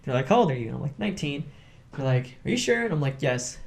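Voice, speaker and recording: Young man telling animated stories. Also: mid-range voice, fast, creaky. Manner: animated storyteller, acts out quotes, laughs often. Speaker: podcast host. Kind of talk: casual storytelling chat.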